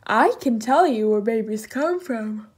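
A woman voicing a calm, wise female elephant in a children's story. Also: a little high, unhurried, husky.

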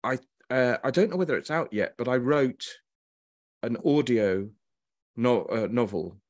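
A man's voice: mid-range voice, measured pace, darkish tone, no room sound. A man, a writer and actor, chatting as an interview guest and telling stories with animation and chuckles. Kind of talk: casual chat on a video call.

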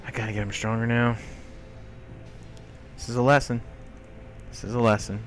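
A man's voice: mid-range voice, flat delivery, normal speed, long pauses, faint music behind. A man giving let's play commentary, exasperated and scolding the characters in his game. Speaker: gamer.

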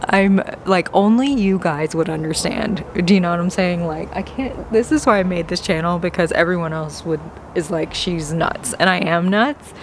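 A woman's voice: fairly low pitch, moderate pace, a little hiss or hum. A woman vlogging a plant shopping trip in a store, gushing and gasping with delight, often dropping to an awed whisper. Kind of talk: excited shopping vlog. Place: big box store garden section.

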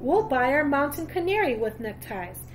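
A calm, shrewd gentleman speaks in a measured, assured tone, read by a woman. The voice is fairly high. A faint hiss sits under it.

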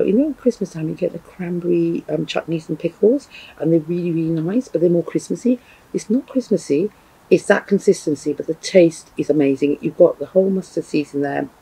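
A man's voice: on the high side, creaky, darkish tone, breathy edge, poor audio. A man reviewing chilli pickles in a vlog, gushing and effusive with repeated exclamations. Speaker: food reviewer. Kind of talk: enthusiastic product review vlog.

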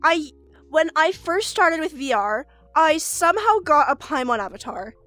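A woman's voice: high-pitched, very animated, moderate pace, fairly bright tone, faint music behind. A young woman streaming and chatting casually with viewers, giggly and prone to exclamations. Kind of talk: casual livestream chat.

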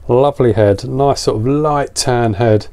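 A man's voice: mid-range voice, measured pace, dark tone. A man, a little out of breath, chatting casually and enthusiastically as he reviews a beer on camera.

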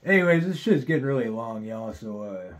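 A man's voice: mid-range voice, lively intonation, fairly quick. A man, hosting a podcast and telling a long rambling story, swearing often and saying "dude" constantly. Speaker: podcast host. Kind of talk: casual storytelling monologue.

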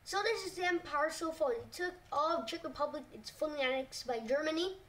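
High-voiced hesitant woman narrating a map. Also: fairly quick, a bit bright, far from the mic. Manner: hesitant, full of "like" and self-corrections. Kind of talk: casual narration over a map.

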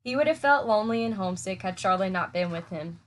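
A woman teacher reading a children's chapter book aloud in a steady, clear storytelling manner. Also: medium pitch, quick pace, a little hiss or hum.

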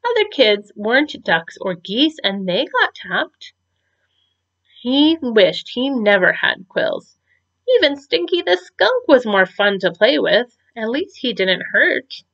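Woman teacher, picture-book read-aloud, lively pitch, muffled lo-fi sound. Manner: slow, expressive storytelling.

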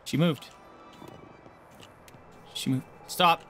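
A man's voice: a little high, steady tone, extremely slow, a bit bright, soft background music. A man streaming a horror game, muttering and swearing as he panics. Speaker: gaming streamer. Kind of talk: live gameplay reactions.

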